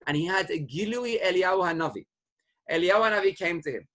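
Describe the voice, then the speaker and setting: A man's voice: high voice, lively intonation, fast, fairly bright tone. A middle-aged man, a rabbi, teaching a Torah class, explaining sources and retelling stories, raising his voice when he acts out quoted speakers. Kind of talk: Torah lecture with storytelling.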